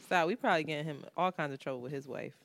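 A woman's voice: low voice, rapid-fire, gravelly, dry recording, clean studio sound. A young woman from Philadelphia co-hosting a casual podcast chat, telling stories animatedly with frequent laughter and casual swearing. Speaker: podcast co-host. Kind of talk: casual chat between friends.

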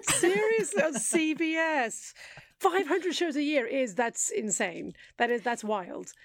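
A woman co-hosting a chatty podcast, loud in her reactions and quick to laugh. Her voice sits high and swoops widely. The sound is close and dry, with no room around it. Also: dry recording. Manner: animated, exclamatory, laughs a lot. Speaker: podcast co-host. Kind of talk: casual chat.

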